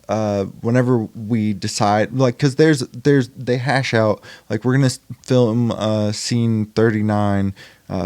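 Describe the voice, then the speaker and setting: A young man talks loosely and rambles, full of fillers and restarts, in casual podcast chat. His voice sits low. The sound is dry and close. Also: darkish tone, smooth, no room sound. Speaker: podcast guest, indie film actor.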